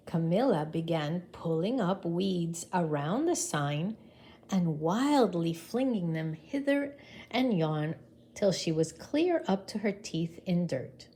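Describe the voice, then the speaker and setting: A woman reading a picture book aloud to children in an expressive way, pausing to ask her listeners questions. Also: lowish voice, slightly rough. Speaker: storybook reader.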